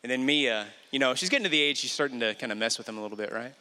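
A man's voice: medium pitch, rapid-fire, pushed and bright, clean tone. A man preaching a sermon, telling a family story and pressing his points with repeated questions to the listener. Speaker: pastor. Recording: echoey hall reverb.

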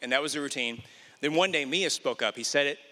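Bright-voiced preacher in an echoey hall. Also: male voice, on the high side, brisk. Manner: storytelling, emphatic repeated appeals to the listener. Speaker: pastor. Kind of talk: sermon.

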